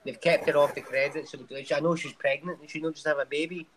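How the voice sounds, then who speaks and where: A man's voice: fairly high pitch, steady tone, fast talker, a bit bright, slight background noise, low-quality recording. A man chatting casually on a late-night MMA show, joking and swearing freely while watching fights.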